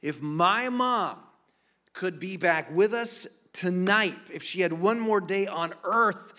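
A middle-aged man preaching a sermon, moving between soft, low storytelling and loud, emphatic appeals. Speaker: pastor.

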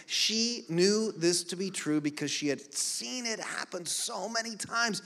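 A middle-aged man preaching a sermon to a church congregation. His pitch roams widely, dropping low and soft in the stories and climbing high and loud in the appeals. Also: moderate pace, few pauses. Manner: animated storytelling, soft low stretches rising to loud emphatic appeals. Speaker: pastor.

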